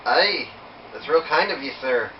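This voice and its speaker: A man's voice: a little high, lively intonation, unhurried, reverberant, far from the mic, dull audio, background noise. A man voicing a friendly Irish drifter with a thick Irish accent and a folksy, chatty manner.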